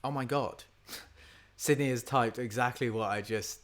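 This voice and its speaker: A singer-songwriter streams a songwriting session, talking casually as he thinks aloud, trails off, and tries lines under his breath. He speaks in a mid-range voice at a moderate pace.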